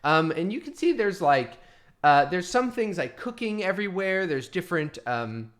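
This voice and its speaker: A male game master who narrates in a rambling way, full of fillers. His pitch is slightly high and moves about a lot as he sets each scene. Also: big pitch swings, normal speed. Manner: rambling, many fillers and restarts.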